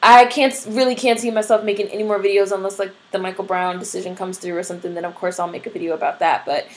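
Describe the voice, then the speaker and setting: A woman's voice: mid-range voice, steady tone, quick pace. A young adult woman vlogging, ranting bluntly and profanely, full of "like" and "you know". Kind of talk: casual ranting commentary to camera.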